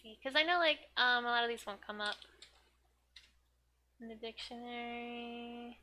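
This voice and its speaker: A young woman teaching Japanese from a manga in a chatty, giggly way, full of "like", sometimes muttering softly as she looks up words. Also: on the high side, a little slow, a little hiss or hum. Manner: chatty, giggly, filler-heavy with frequent "like". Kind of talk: casual manga study lesson.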